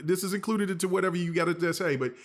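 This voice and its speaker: Man, podcast co-host, hyped, slangy, a bit high-pitched. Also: rapid-fire. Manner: hype, slangy, reads out chat comments. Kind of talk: casual gaming podcast chat.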